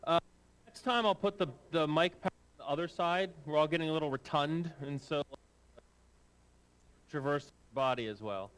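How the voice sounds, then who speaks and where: A man's voice: fairly high pitch, moderate pace, long pauses, a bit bright, clean tone. A man hosting a convention, making announcements in a jokey, informal way. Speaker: show host. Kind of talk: event announcements. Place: convention hall.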